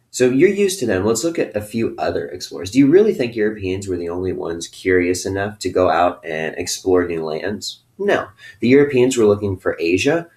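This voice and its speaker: Low-voiced upbeat male teacher. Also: darkish tone. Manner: upbeat and playful, ends many phrases with a checking "okay?". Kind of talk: recorded video lesson for students.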